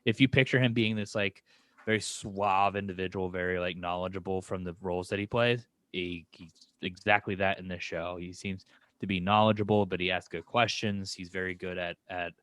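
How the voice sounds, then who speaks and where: Low-voiced man rambling through a review. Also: fairly even intonation, moderate pace, a bit bright, dry recording. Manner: rambling, laughs often. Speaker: podcast co-host. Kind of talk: casual review chat.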